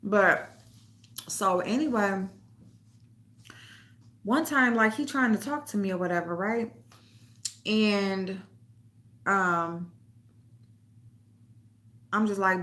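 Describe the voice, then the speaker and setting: Speaking slowly with frequent pauses, this host has a mid-range, fairly bright voice. She tells loose stories in a casual chat, laughs a lot, curses freely, and reads comments out loud.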